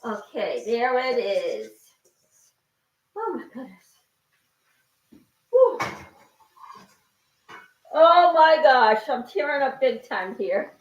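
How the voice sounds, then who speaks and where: A woman's voice: on the high side, big pitch swings, slow, pauses often, a little mellow, muffled recording. A woman chatting to herself as she cooks at home, counting ingredients aloud and sighing or exclaiming as she goes. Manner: talks to herself while cooking, with sighs and exclamations. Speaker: channel host cooking on camera. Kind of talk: casual cooking narration. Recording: echoey room.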